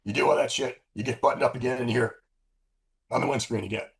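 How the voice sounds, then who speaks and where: A man putting on the voice of a gruff, profane senior male officer who barks blunt questions at a crew while telling a story. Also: medium pitch, steady tone, fast talker, pitched above the performer's own voice, lightly acted. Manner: barking, blunt, swearing.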